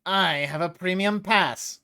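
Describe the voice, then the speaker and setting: A pompous middle-aged businessman with a raised, pinched voice, as a storyteller puts him on. He talks down to everyone, haughty and sputtering, plainly a put-on storybook voice. He pushes his words louder and higher than the narrator's own talk. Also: takes it slowly, vocal fry, clear, resonant tone, exaggerated voice. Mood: indignant.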